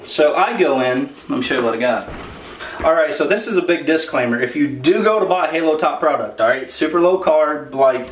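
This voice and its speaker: A man co-hosting a casual grocery haul vlog, talking in a relaxed, rambling way with lots of fillers. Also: a little high, brisk. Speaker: vlog co-host. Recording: roomy echo, faint noise.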